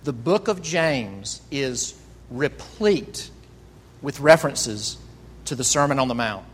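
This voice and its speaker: A man's voice: medium pitch, expressive, slow, breathy edge, in a large hall. A male pastor preaching a sermon earnestly, asking rhetorical questions and often repeating words as he goes.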